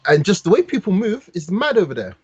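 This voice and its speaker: A man's voice: high-pitched, huge pitch swings, quick pace, slightly rough, dry recording. A man from London with a London accent, animatedly telling stories on a casual podcast, heavy with slang. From London, England. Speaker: podcast host. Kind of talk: casual storytelling. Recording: dull dry podcast mic.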